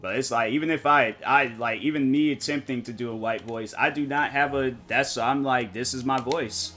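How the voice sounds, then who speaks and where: Guy streaming and just chatting w chat, rambly, keeps restarting, kinda bright sharp voice, faint music behind. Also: mid-range voice, moderate pace. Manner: rambling, thinking aloud with many restarts. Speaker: gaming streamer. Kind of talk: casual chat with viewers while streaming.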